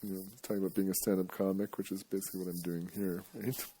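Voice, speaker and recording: A man giving a rambling, jokey live talk to an audience, breaking now and then into loud playful chants. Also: low voice, level tone, fast, husky.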